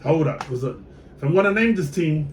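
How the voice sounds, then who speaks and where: A man's voice: fairly high pitch, expressive, a little fast. Brief: male Tongan fan, fiery and profane, heard from a distance with faint background noise. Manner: passionate, profane and emphatic, with repeated questions to the viewer. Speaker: sports fan vlogger. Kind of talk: casual fan monologue. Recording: roomy echo, voice set back from the mic.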